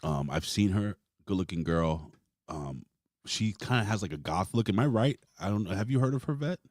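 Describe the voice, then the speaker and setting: A man's voice: deep voice, lively intonation, normal speed, a little mellow, no echo, clean studio sound. A man hosting a casual wrestling review podcast, talking loosely and rambling, with some swearing. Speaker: podcast host.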